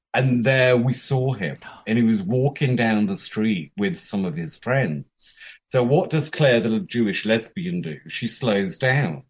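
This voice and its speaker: A man in his fifties from England, a guest telling candid stories about his life, frank and profane, acting out the quotes of the people in them. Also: lowish voice. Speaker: interview guest. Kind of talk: candid storytelling.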